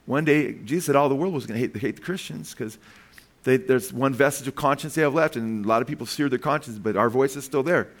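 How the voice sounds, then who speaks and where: A man preaching a sermon to his congregation, pausing to ask questions and walk them through slides word by word, with frequent "okay" and "right". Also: mid-range voice. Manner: emphatic, asks the congregation questions. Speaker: pastor.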